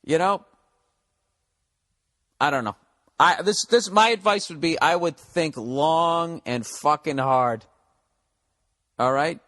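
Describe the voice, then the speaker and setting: A man's voice: a little high, slow pace, long pauses, a bit bright. A man hosting his own podcast, talking in a casual, rambling monologue that is blunt, joking and full of swearing. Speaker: podcast host.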